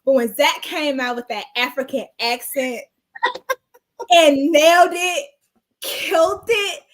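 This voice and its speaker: A woman's voice: sits high, slow, a bit bright. A woman hosting an interview show, asking questions in a playful, teasing way. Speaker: show host. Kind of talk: casual interview chat.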